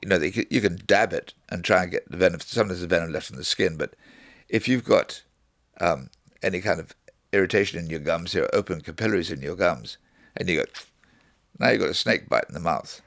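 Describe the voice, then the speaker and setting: A man's voice: low-pitched, fairly quick, creaky, dry recording, clean studio sound. A man, a snake wrangler, talking bluntly in casual chat and acting out little scenes. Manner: blunt, animated storyteller, acts out voices.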